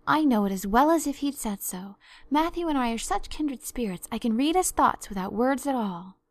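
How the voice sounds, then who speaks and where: A woman's voice: sits high, lively intonation, no echo. A woman voicing a chatty, imaginative young girl who talks eagerly and dramatically. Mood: brisk. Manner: eager, effusive, quick to dramatize.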